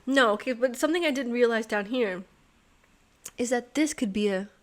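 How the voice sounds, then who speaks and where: A woman hosting a sudoku video who thinks aloud as she solves. She is excitable and swears and laughs in disbelief as she talks to herself and her viewers. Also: on the high side, normal speed. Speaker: host solving a sudoku puzzle. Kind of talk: thinking aloud while solving a puzzle.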